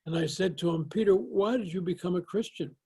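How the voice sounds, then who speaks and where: A man's voice: sits high, a little fast, dark tone, husky, poor audio. An older man answering interview questions, talking in a folksy storytelling way with lots of "you know"s. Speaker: guest. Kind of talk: interview conversation.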